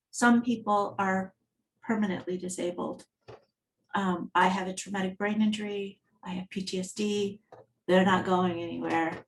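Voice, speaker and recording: A woman's voice: fairly low pitch, slight background noise. A woman giving an accessibility talk at a design meetup, speaking in a conversational, storytelling manner. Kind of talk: conference talk.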